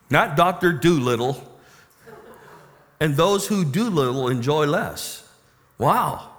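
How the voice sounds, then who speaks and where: Animated preacher man in a reverberant hall. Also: high voice. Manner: animated preaching with call-and-response questions. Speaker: pastor. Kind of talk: sermon.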